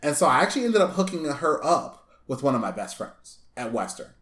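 A man hosting a casual chat, telling a long story with lively asides and laughs, recorded in his apartment. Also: on the high side, fairly quick. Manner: animated storyteller, acts out voices, laughs often. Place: small apartment room. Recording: echoey room.

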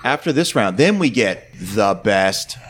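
A man's voice: fairly low pitch, big pitch swings, measured pace. A man co-hosting a casual movie discussion podcast, recapping scenes step by step in an easygoing storytelling way. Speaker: podcast co-host.

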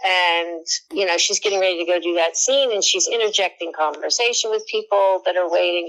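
Actress in her 60s, slightly low voice, animated anecdotes with acted-out quotes. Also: gravelly, poor audio. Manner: lively storyteller who acts out quoted lines. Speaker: actress as interview guest. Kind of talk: telling stories in a podcast interview.

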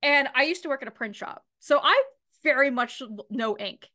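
High, bright-voiced Canadian woman swearing freely. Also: moderate pace. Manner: swears freely, acts out her mom in animated bits. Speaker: podcast host. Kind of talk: casual podcast chat.

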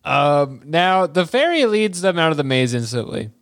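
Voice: mid-range voice, big pitch swings, normal speed, no room sound, studio quality. A man co-hosting a comedy podcast, casually recapping a cartoon episode with plenty of laughter. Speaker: podcast co-host.

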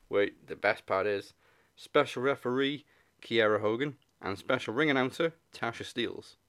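A man co-hosting a casual wrestling podcast, dry and low-key, moving the talk through the match picks. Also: takes it slowly, fairly bright tone. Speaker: podcast co-host.

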